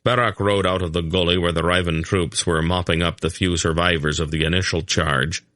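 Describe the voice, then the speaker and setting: A man with a low-pitched voice reads scripted audiobook narration in a steady, measured manner. The studio sound is clean, with no echo.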